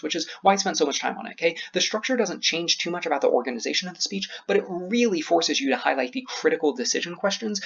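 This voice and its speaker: A young man coaching debate in a fast instructional lecture, slowing down on key words to stress them. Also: a little high, creaky, husky, muffled recording.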